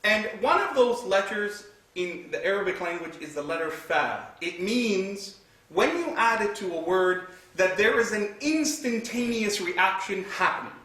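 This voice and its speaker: Male religious teacher, high voice, storytelling lecture with Arabic verses, very echoey distant recording. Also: fairly bright tone. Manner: retells scripture vividly, reciting Arabic verses between English. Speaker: Islamic teacher. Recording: echoey hall from far off.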